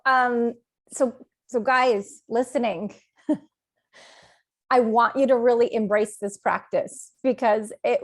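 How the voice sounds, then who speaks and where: A woman hosting a wellness podcast, enthusiastic and quick to praise her guest. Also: on the high side. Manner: enthusiastic, gushing, quick bursts. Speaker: podcast host. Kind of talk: podcast interview.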